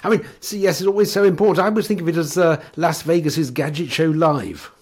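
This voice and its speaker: A man's voice: on the high side, quick pace, slight background noise. A man, a tech reviewer co-hosting a podcast, talking hesitantly with many restarts. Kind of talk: casual chat.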